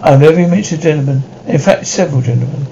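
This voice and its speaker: An actor in a 1960s sitcom playing a huge, gentle monster husband who earnestly reassures his wife. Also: on the high side, racing, creaky, highs cut off, a little hiss or hum. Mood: reassuring.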